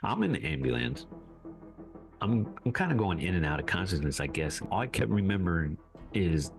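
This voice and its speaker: Low, raspy male storyteller, animated, music bed. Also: normal speed. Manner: animated, voice jumps high when reliving anger. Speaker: guest survivor telling his story. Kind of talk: casual storytelling.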